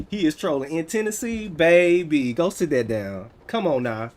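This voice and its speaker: An American man in his thirties, chatting casually on a livestream, answering viewers in an animated, teasing way. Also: a little high, normal speed, few pauses. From United States. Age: 30s. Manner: animated, teasing, laughs often.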